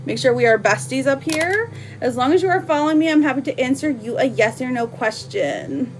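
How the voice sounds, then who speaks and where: A woman reading tarot cards on a live stream, chatting casually and warmly with lots of fillers and slang. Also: high-pitched, animated, fairly quick, a little hiss or hum.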